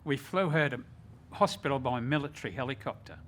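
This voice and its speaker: A man's voice: medium pitch, expressive, fairly bright tone, a little hiss or hum. Earnest older Australian man recounting. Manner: earnest, measured, reflective. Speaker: retired rescue officer, ambulance chaplain. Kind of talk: personal storytelling.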